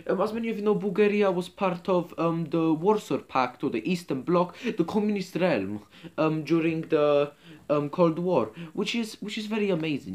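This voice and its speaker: Guy doing a rambly in-character rant to camera, lots of ums and restarts, voice on the high side and bouncing all over, keeps dropping low on "comrades". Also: lively intonation, normal speed, darkish tone. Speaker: channel host.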